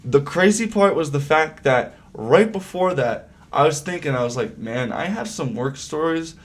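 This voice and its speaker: A man's voice: a little high, expressive, normal speed. Rambling, swearing young man streamer. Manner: rambling, swears heavily, many fillers. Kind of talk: casual storytelling on a livestream.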